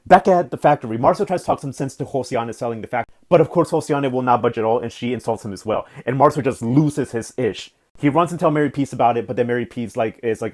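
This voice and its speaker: A man's voice: medium pitch, fast, hardly any pauses, darkish tone. A young man giving a chatty, sassy, slang-filled recap of soap episodes. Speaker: recap vlogger.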